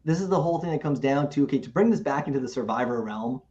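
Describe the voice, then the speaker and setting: A man co-hosting a show in casual chat, talking in an animated way, often restarting and repeating himself. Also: mid-range voice, fast talker. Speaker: podcast co-host. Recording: muffled lo-fi recording.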